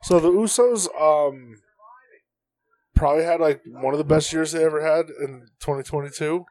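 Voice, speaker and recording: A man co-hosting a casual podcast watch-along, excitable and swearing freely as he explains wrestling history. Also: a little high, moderate pace, no room sound, poor audio. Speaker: podcast co-host. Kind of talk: casual chat during a live watch-along.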